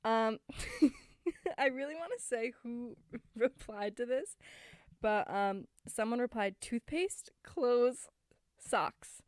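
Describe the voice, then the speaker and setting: A woman's voice: fairly high pitch, expressive, slow pace, darkish tone, no room sound, clean studio sound. A young adult woman co-hosting a podcast in casual chat, talkative and laughing often. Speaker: podcast co-host.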